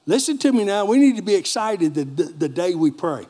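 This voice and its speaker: A middle-aged male pastor preaching a sermon with lively storytelling and call-and-response asides to the congregation. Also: high voice, moderate pace, long pauses.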